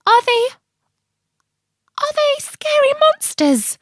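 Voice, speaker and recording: A woman puts on a tiny, timid male pond creature from a children's storybook, squeaking his worried questions up high. He sounds fretful and easily spooked, and his voice wobbles upward as he asks. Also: sing-song, slow, no room sound, clean studio sound, full character voice. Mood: frightened.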